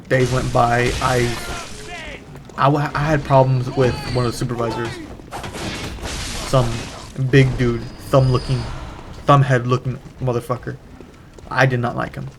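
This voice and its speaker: A young man hosting a gaming channel, telling a long, profane, rambling story in casual commentary while he plays at home. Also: medium pitch. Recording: noisy background.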